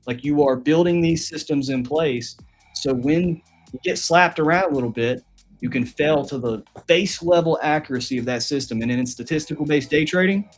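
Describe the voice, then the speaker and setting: A man hosting a live day-trading stream, chatting casually in a relaxed, slangy way and reading out viewer comments. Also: mid-range voice. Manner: relaxed, slangy, talks to his dog and chat readers. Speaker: day trading show host.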